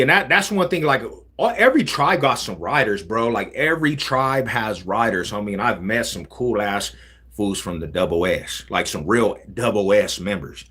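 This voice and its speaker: Animated husky man in slangy livestream chat. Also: deep voice. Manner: animated slangy street talk. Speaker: livestream host.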